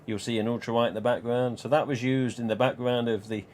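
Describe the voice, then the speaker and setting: A man hosts a live stream, chatting casually and rambling with frequent chuckles; he's a collector. His voice sits at medium pitch with fairly even intonation, moving fast and sounding a little mellow. There's slight background noise.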